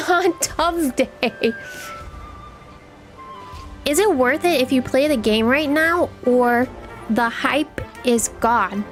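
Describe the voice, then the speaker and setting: A young woman streaming a game live, chatting with her viewers in a playful, teasing way. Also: a little high.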